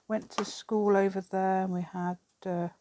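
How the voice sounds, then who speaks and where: A woman's voice: medium pitch, little pitch movement, a little slow, mellow, slight background noise. A middle-aged English woman chatting in a rambling way while she works on a craft project, laughing often. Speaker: craft vlogger. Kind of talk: casual chat while crafting.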